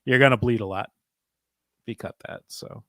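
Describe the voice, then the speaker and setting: A man co-hosting a casual chat show, slightly hoarse, telling animated stories and laughing often. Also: mid-range voice, moderate pace, dry recording, studio quality. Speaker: podcast co-host.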